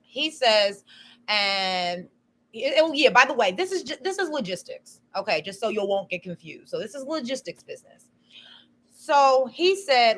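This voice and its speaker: Woman, fairly high voice, casual live-stream talk, rambling and emphatic. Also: sing-song, moderate pace, a bit bright. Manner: rambling storytelling, frequent "you know" and "um".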